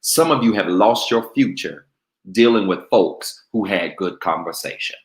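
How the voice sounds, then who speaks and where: Male pastor, slow and bright, preaching with call and response in an echoey church. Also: low-pitched, expressive. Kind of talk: sermon.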